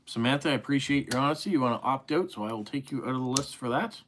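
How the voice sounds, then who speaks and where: A man's voice: mid-range voice, fast, fairly bright tone, slight background noise. A middle-aged man with an East Coast Canadian accent, hosting a casual live stream and reading viewer comments aloud in a friendly, chatty way.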